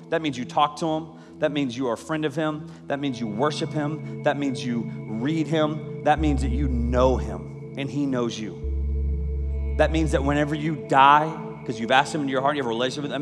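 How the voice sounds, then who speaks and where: An excitable man preaching to a crowd, with a voice pitched a little high. He leans into funny personal stories between scripture. Long reverb from a big hall carries his words, and music plays underneath. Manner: energetic, excitable, jokey. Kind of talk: sermon with personal storytelling.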